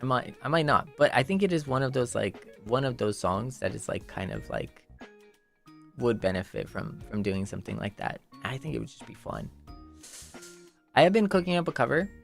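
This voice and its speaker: A man's voice: medium pitch, wildly swooping pitch, normal speed, creaky, soft background music. A man chatting casually on his livestream in a playful, rambling way, full of "like" and repeated phrases.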